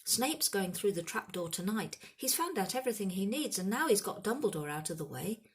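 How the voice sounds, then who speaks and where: A woman's voice: mid-range voice, big pitch swings, a little fast, voice pushed up, natural voice. A woman voicing a bold eleven-year-old boy wizard in a storybook reading, talking urgently and intensely.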